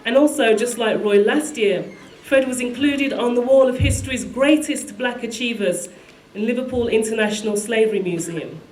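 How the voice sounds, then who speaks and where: A woman with a fairly high voice tells a story and reads a tribute aloud, leading the room in call and response. The sound is echoey, as in a large hall, with faint noise underneath. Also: normal speed, a little mellow. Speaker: speaker at a tribute. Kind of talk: speech and reading.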